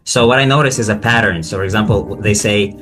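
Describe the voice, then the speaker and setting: A man hosting a casual interview and tutoring pronunciation, talking with many restarts and animated questions. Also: on the low side, fast, soft background music. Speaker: podcast host and pronunciation tutor.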